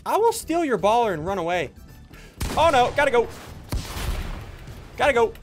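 A young man giving jokey, excitable commentary while playing a video game. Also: very high voice, normal speed, soft background music. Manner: excitable, jokey, yelps and laughs mid-play. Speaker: gaming channel host. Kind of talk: live gameplay commentary.

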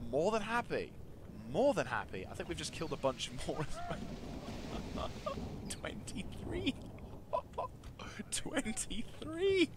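Excitable man commentating his strategy game. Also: high voice, background noise. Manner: excitable, talks to his troops, swings between mumbles and shouts. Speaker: gaming video host. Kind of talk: casual gameplay commentary.

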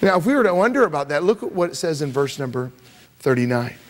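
A man preaching a sermon as pastor, emphatic and repetitive, swinging from loud rises to soft drops. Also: on the high side, big pitch swings, fast, slight background noise. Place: church sanctuary.

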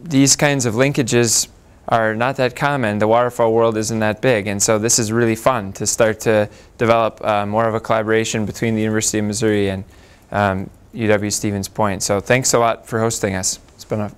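A man's voice: on the low side, flat delivery, brisk, hardly any pauses, clear, resonant tone. A man giving an academic talk as a guest lecturer, opening with friendly thanks. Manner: friendly, gracious opening remarks.

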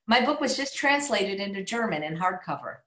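A woman's voice: mid-range voice, sing-song, fairly quick, fairly bright tone. A woman hosting a live cooking stream, chatting with enthusiasm and curious questions. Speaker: host of a live cooking show. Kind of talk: casual live-stream chat. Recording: roomy echo.

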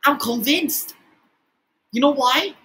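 A man giving profane, exasperated reaction commentary, swearing often and jumping in pitch. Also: slow pace, sharp tone, low-quality recording. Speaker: reaction video host.

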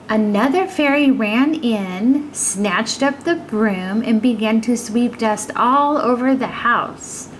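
A woman reading a children's story aloud, expressive and playing with sound words. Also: fairly high pitch, slow, few pauses, a little hiss or hum, rough recording.

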